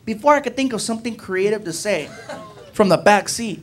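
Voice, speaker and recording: A man telling a story as a stand-up comedian, animated and peppering his lines with "right?" and "man". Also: sits high, quick pace, a little hiss or hum.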